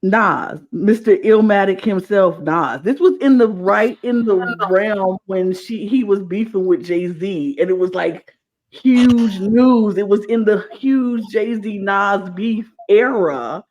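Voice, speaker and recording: A woman co-hosting a podcast, telling a story in a lively, chatty way and acting out the quotes. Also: medium pitch, slow, slight background noise. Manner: animated storyteller, acts out quotes. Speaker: podcast co-host. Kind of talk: casual chat.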